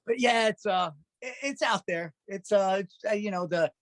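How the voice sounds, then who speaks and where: A man's voice: high-pitched, normal speed, a bit bright, no echo. A man guest telling stories in a casual interview, chatty and laughing often. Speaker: musician guest.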